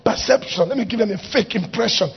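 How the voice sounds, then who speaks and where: Male preacher, gravelly high voice, shouts then drops low, muffled recording. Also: quick pace. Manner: emphatic, swings from shouted exhortation to quiet asides. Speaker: pastor. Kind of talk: sermon. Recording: dull lo-fi recording.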